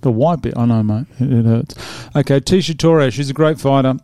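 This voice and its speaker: Man, 40s, relaxed chatty host, gravelly low-toned voice, dry close sound. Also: a little fast, no room sound. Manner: chatty, laid-back, laughs often. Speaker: podcast host previewing fights. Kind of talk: casual chat.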